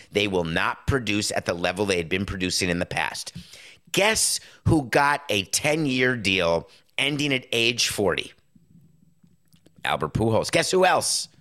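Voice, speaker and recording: A middle-aged man hosting a sports talk show, giving an opinionated monologue with sarcastic, punchy stresses. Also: mid-range voice. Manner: emphatic, sarcastic, punchy with sudden loud stresses.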